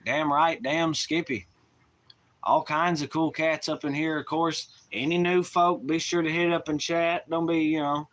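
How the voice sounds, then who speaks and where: Brief: profane, rambling Southern US streamer, man, bright and slightly high voice. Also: little pitch movement, a little slow. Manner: rowdy, profane, rambling, folksy slang. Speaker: live streamer. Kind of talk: casual live-stream chat.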